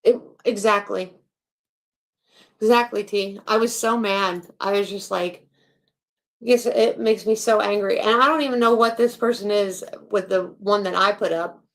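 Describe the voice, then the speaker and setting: Indignant gravelly-voiced woman host. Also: mid-range voice, fairly even intonation, unhurried. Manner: indignant, blunt, swears freely. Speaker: channel host. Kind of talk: casual ranting livestream chat.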